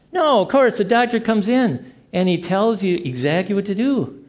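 A middle-aged male pastor with a high-pitched voice preaches fairly quickly. He tells stories in an animated way, acting out the dialogue himself.

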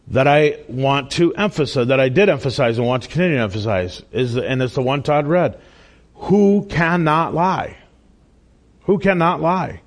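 A man delivering a sermon as a pastor in a church, earnest and emphatic, with asides and bits of self-deprecating humor. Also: on the high side.

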